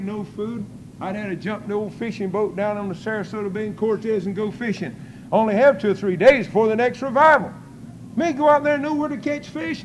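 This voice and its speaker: An older man preaching a testimony sermon in folksy storytelling style, breaking into loud praise. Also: high-pitched, noisy background.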